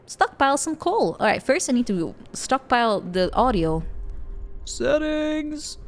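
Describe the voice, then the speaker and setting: A woman's voice: high voice, very animated, a little slow. Giggly woman streamer chatting over gameplay. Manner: giggly, laughs often, rambling asides. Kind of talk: casual gameplay chat. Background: game music.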